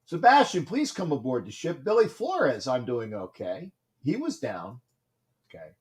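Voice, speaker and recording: A man hosting a casual livestream, greeting viewers by name and commenting on a football game, repeating himself and getting loud at big plays. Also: medium pitch, unhurried. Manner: gets loud and excited during big plays. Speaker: livestream host.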